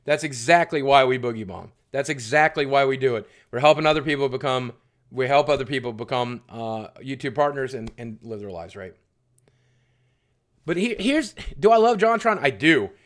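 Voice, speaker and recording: A young man on a livestream rants casually to his chat, rambling, swearing, and repeating phrases as he answers messages. His voice is medium-pitched with lively intonation at a normal speed.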